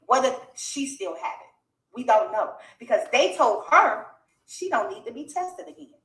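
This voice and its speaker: A woman's voice: on the high side, sing-song, normal speed, fairly bright tone, reverberant, recorded from a distance, poor audio. A woman speaking on a live stream, earnest and pleading, repeating her warnings. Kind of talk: emotional live-stream address.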